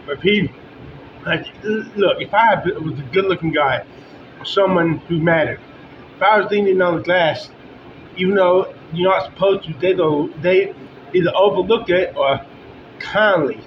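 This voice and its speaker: A middle-aged man in a rambling, bitter vlog monologue, talking in halting bursts with frequent restarts. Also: sits high, noisy background. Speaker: vlogger. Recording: dull lo-fi sound with faint music.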